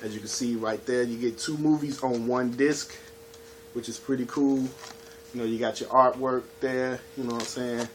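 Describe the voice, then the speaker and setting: Brief: easygoing man, mid pitch, relaxed chatty reviewer, faint noise behind. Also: moderate pace. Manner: laid-back, chatty, keeps saying "you know what I'm saying". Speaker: home video collection reviewer. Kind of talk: casual video review.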